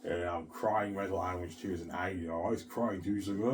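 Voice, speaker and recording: Agitated and emotional, a deep-voiced man rambles on, repeating himself, cursing often, and calling the listener "man" again and again. His low, darkish voice keeps a fairly even intonation at normal speed with few pauses, and there's slight background noise.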